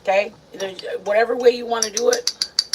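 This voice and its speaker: Chatty woman cooking over loud sizzle. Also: a little high, fairly quick, heavy background noise. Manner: chatty, excitable, talks straight to viewers. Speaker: home cooking vlogger. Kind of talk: casual cooking chat. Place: home kitchen. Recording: kitchen with loud frying and sizzling.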